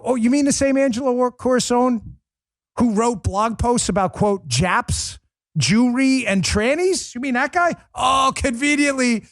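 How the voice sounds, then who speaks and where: Sarcastic high-voiced male talk host. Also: no room sound, clean studio sound. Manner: sarcastic, mocking; animated, swings pitch when mimicking. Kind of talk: political talk show monologue.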